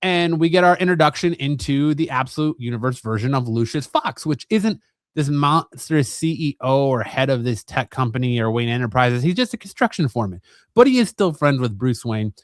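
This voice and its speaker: A man hosting a comic review channel, retelling a comic's plot in a relaxed, rambling way with lots of fillers. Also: mid-range voice, a little fast, dry recording, studio quality. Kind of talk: casual comic book recap.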